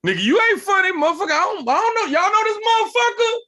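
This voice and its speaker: A man voicing a loud, abrasive middle-aged male comedy promoter who yells and curses dismissively. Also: very high-pitched, sing-song, racing, voice pushed up, exaggerated voice. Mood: scornful yelling. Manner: yelling, profane, dismissive.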